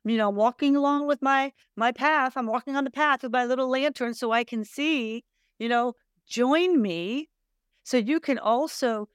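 A woman's voice: on the high side, clear, resonant tone, no room sound, clean studio sound. A middle-aged woman hosting her own podcast, talking in an earnest, searching way and asking her listeners many rhetorical questions. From Sweden. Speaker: podcast host. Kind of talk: reflective solo podcast monologue.

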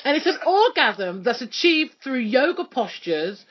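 Husky chatty radio woman. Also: high-pitched, big pitch swings, measured pace, muffled recording. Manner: chatty, joking, many fillers. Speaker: radio presenter. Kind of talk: casual radio chat.

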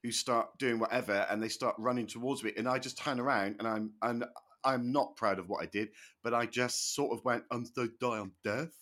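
A man's voice: mid-range voice, fairly quick. A man who is a comedian, a guest on a podcast telling self-mocking stories in casual chat. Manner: animated, self-mocking anecdotes.

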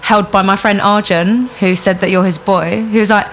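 A woman's voice: medium pitch, fairly even intonation, normal speed. Chatty young woman, singer-guest, everyday mid voice, faint hiss. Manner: chatty, lots of "like" fillers. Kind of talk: casual interview chat.

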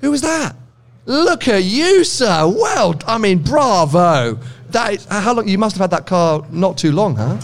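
A British man hosts a casual podcast chat, quick to tease and laugh. His voice sits a little high. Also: sing-song. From United Kingdom. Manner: chatty, teasing, laughs often. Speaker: podcast host. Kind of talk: casual interview at a car meet.

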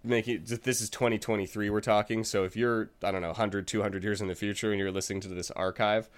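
A man hosting a casual storytelling podcast, reading a folk tale aloud in a playful, animated way. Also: on the low side, quick pace, clear, resonant tone.

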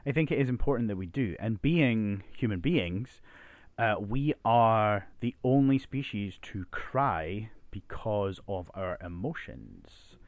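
A man co-hosting a casual chat podcast, chatty and self-correcting, dropping into a soft low voice as he muses. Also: takes it slowly, no echo. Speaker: podcast co-host; teacher.

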